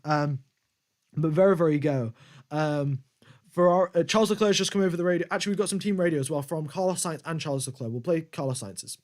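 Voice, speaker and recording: A man's voice: on the high side, fast. Chatty man doing live race commentary. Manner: rambling and conversational, thanking viewers. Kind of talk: casual live-stream commentary.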